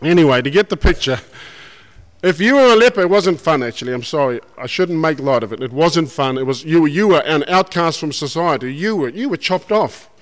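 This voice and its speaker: A man preaching a sermon, folksy and animated, putting questions to the congregation. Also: fairly high pitch, a little fast. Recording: long hall reverb.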